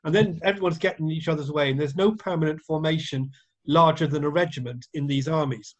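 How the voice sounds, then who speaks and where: A man's voice: a little high, quick pace, rough recording. A man on a casual podcast, eagerly explaining historical campaigns and tactics. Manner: enthusiastic, explanatory, with frequent restarts. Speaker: history guest explaining battles. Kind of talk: casual chat.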